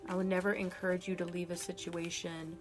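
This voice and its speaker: A woman's voice: on the low side, flat delivery, a little fast, music in the background. Earnest woman giving a tarot reading. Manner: earnest, emotional and encouraging, speaking to viewers directly. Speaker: tarot reader.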